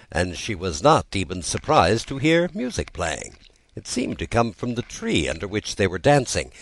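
A man reading a classic storybook aloud as narrator, with an expressive delivery. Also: low voice, low-quality recording. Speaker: audiobook narrator.

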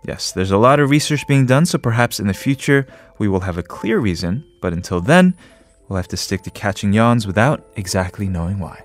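A man's voice: lowish voice, expressive, fairly quick, soft background music. A man hosting a radio show, reading a script and then chatting with jokes and small laughs. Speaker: radio host. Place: radio studio. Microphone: studio microphone.

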